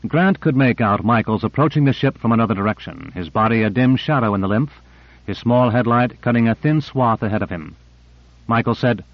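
A man reads a novel aloud in a measured, even narrator's voice. The recording is dry and close, with a slightly dull, muffled tone. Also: medium pitch, no room sound. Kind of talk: audiobook narration.

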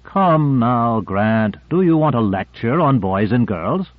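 A man's voice: mid-range voice, animated, takes it slowly, no room sound, narrow, tinny audio. Male reader playing sardonic probing man, sly, dry phone-thin audio.

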